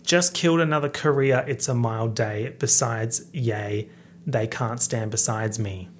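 A man doing a rapper with a thick Australian accent, dragging out each rhyme in a slow, lazy drawl. The put-on voice is exaggerated for comic effect, with a faint hiss of noise under it. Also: mid-range voice, lightly acted. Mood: mocking.

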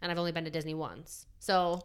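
A woman's voice: low-pitched, steady tone, brisk, clean tone. A young woman, blunt and wry in a casual chat.

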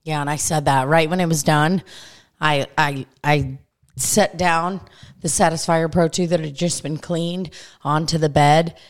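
Podcast co-host, woman, Midwest American accent, slightly low voice, crude and exasperated, casual chat. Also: steady tone, measured pace. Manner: crude, exasperated storytelling with swearing. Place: rented house in California.

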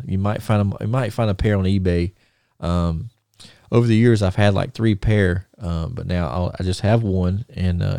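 A man's voice: low-pitched, vocal fry, warm tone, no echo, clean studio sound. A middle-aged man, co-hosting a podcast and telling rambling stories full of fillers and restarts. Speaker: podcast co-host. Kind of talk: casual storytelling.

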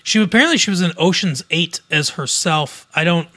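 A man's voice: fairly high pitch, expressive, a little fast, sharp tone. A man co-hosting a casual podcast, reading celebrity news aloud with wry asides and frequent laughs. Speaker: podcast co-host.

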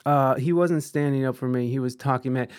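A man's voice: mid-range voice, fairly even intonation, brisk, darkish tone. A young man in casual chat, telling a story with lots of swearing, restarts and self-deprecating humor.

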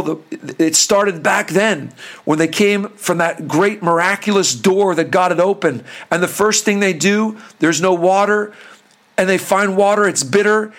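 A man's voice: high voice, fairly bright tone. A man preaching a sermon, earnest and direct, asking the listener questions.

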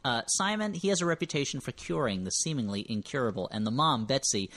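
A man's voice: mid-range voice, sing-song, quick pace, fairly bright tone. Wry rambling man recapping a movie. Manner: rambling, wry, self-correcting. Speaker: podcast host. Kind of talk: casual comedic movie recap.

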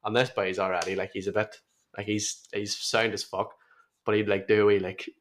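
A man's voice: on the low side, flat delivery, normal speed. Young man, podcast co-host, loose storyteller, sweary. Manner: tells anecdotes, swears, laughs at own stories. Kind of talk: casual storytelling chat.

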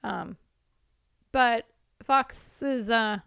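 A young woman co-hosting a podcast, casually retelling a story in a lively way and slipping into quick silly voices. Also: fairly high pitch, gravelly, smooth, no room sound, studio quality. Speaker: podcast co-host. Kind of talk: casual chat recapping a story.

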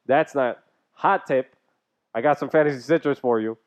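A man's voice: mid-range voice, normal speed. A man co-hosting a casual podcast chat, blunt and joking, with plenty of swearing. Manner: profane, joking, blunt opinions. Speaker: podcast co-host. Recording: dull lo-fi sound.

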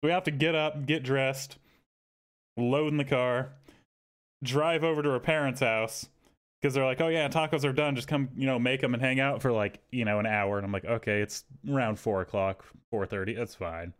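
Animated man telling a story. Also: mid-range voice, normal speed, clean tone. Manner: animated, swearing, acts out quotes in raised voices. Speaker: podcast co-host. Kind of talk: casual storytelling chat.

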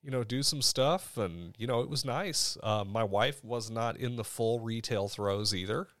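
A man in his thirties co-hosting a podcast, chatting in a relaxed, rambling way. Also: medium pitch, normal speed, no room sound. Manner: relaxed, rambling, laughs often. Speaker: podcast co-host. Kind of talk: casual chat.

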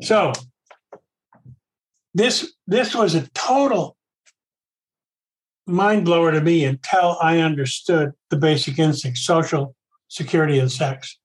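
A man's voice: a little high, slow pace, pauses often, poor audio. A man giving a casual, conversational talk on a recovery program, often repeating himself and voicing his own inner thoughts aloud.

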